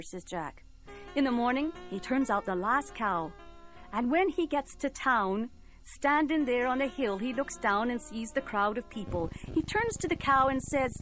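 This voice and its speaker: A woman's voice: a little high, a bit bright. A woman telling a folk tale in a playful, rhythmic, musical way. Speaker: storyteller.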